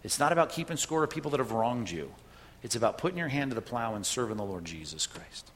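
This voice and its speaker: A man's voice: medium pitch, big pitch swings, quick pace, fairly bright tone, long reverb tail. A man preaching a sermon in a conversational way, often checking in with "right?" as he tells a story and makes his point. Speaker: pastor.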